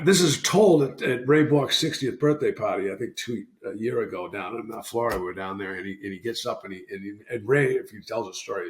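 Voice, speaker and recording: A man's voice: medium pitch, slight background noise. Rambling older man telling a story, roomy. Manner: rambling, self-correcting, animated storyteller. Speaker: podcast guest, former hockey player. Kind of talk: casual storytelling. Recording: roomy echo.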